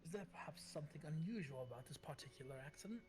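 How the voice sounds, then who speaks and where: A player voicing a calm, courteous gentleman professor detective with a put-on refined accent. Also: medium pitch, rapid-fire, background noise, close to an everyday voice.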